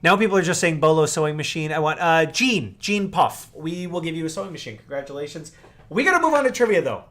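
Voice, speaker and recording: A chatty, upbeat man from Canada co-hosting a casual game livestream. He laughs easily, and his voice sits a little on the high side. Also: animated, fast talker, fairly bright tone. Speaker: livestream co-host.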